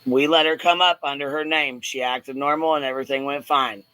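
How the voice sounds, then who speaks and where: A man's voice: medium pitch, steady tone, a little fast, pushed and bright, smooth, low-quality recording. A man hosting a live audio panel, talking in a blunt, profane and confrontational way. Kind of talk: heated live-stream rant.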